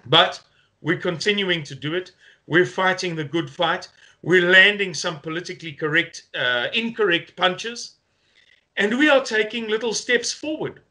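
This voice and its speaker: A South African man records an earnest update for his followers. His voice sits a little high and rings bright and forceful, and he takes his time over every phrase with a rallying, deliberate weight. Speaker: movement spokesman. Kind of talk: video update to supporters.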